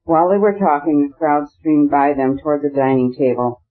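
A man giving a steady scripted narration of an audiobook. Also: on the high side, normal speed. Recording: dull lo-fi recording.

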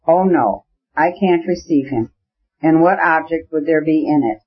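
A man reading the part of an agitated young aristocratic wife in an audiobook, with an earnest, hurried manner. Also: deep voice, husky. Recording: dull lo-fi audiobook recording.

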